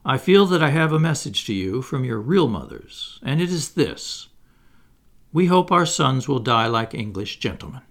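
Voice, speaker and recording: A man's voice: a little high, huge pitch swings, a little slow, few pauses, a bit bright, voice pushed up, exaggerated voice. A man voicing a proud young girl in an audiobook, speaking firmly and with disdain. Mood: firm, dignified. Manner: firm, disdainful, dignified. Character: proud, firm young English girl, mother to the boys. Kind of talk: audiobook character reading.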